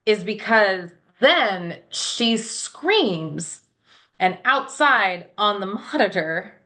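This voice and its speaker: Woman, animated, acts out scenes, bright tone, casual film chat. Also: medium pitch, drawn-out words. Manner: animated, acts out characters in quotes. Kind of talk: casual movie review chat.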